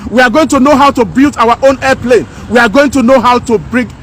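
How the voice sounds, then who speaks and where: A woman's voice: fairly high pitch, fairly quick. A woman rants fervently to her camera outdoors, hammering her points home by saying them twice. Her delivery is preachy and fiery. Light traffic hums faintly behind her. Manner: fiery, preachy, repeats lines for emphasis. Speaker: vlogger. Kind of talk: impassioned opinion vlog. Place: outdoors by houses.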